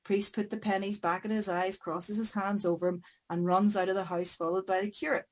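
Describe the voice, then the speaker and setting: A woman storyteller spins a folk tale aloud, with a mid-pitched voice. She stretches key moments slowly and rushes through others for drama. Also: little pitch movement, rough recording. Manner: dramatic, varied pacing. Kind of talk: oral folk tale telling.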